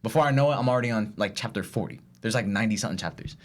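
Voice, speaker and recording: A young man co-hosting a podcast, talking in a casual chat among friends, excitable and quick to jump in. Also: on the low side. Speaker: podcast co-host.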